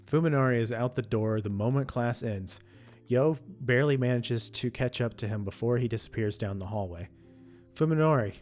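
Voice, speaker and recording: Man reading a visual novel aloud. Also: medium pitch. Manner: steady reading with frequent slips and self-corrections. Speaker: let's play streamer reading a visual novel. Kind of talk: reading game text aloud.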